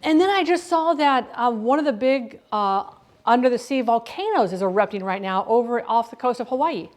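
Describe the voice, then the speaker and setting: A middle-aged woman cooks in her home kitchen while chatting casually with live-stream viewers, her fairly high voice expressive and moderately paced. She rambles, restarting her sentences frequently.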